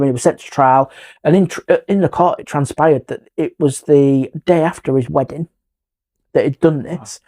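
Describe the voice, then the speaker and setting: A middle-aged man, a guest historian telling a ghost story in an animated, emphatic way. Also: fairly high pitch. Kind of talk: storytelling in a podcast interview.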